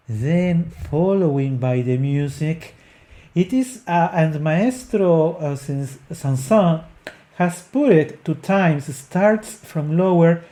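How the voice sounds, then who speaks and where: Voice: medium pitch, lively intonation, takes it slowly, warm tone. An opera singing coach explaining an aria phrase by phrase, speaking carefully, restarting words, and breaking into short sung syllables to show the phrasing. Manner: sings short demonstration syllables between explanations.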